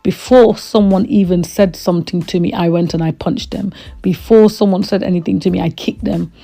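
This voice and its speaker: A woman's voice: fairly low pitch, steady tone, normal speed, gravelly, warm tone. A woman from Trinidad, hosting a podcast and telling her own story in a candid, emphatic way. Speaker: podcast host and reverend.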